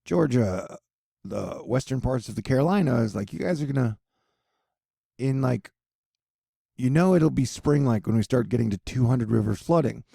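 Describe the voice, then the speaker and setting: Gravelly, rambling man vlogging. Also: mid-range voice, lively intonation, normal speed, pauses often, warm tone, dry recording, clean studio sound. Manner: joking, rambling, many asides. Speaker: weather and news video host. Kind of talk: casual rambling commentary.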